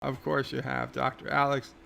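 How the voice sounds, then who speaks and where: A man's voice: mid-range voice, completely flat delivery, moderate pace, gravelly, pushed and bright, slight background noise. A man hosting a casual livestream, chatting loosely and reading viewer comments aloud, often restarting his sentences. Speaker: livestream host.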